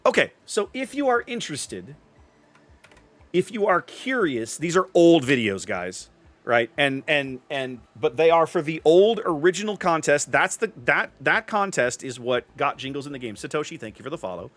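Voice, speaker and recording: A man's voice: fairly high pitch, big pitch swings, moderate pace, fairly bright tone, no echo. A man streaming a game, chatting casually with his viewers in a rambling, self-interrupting way. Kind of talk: casual gameplay commentary with chat.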